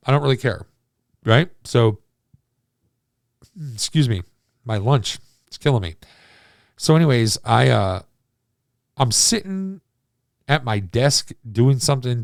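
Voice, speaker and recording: Gravelly man telling a story, profane. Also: mid-range voice, no room sound, clean studio sound. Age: 40s. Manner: rambling, profane, self-deprecating. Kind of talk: casual storytelling monologue.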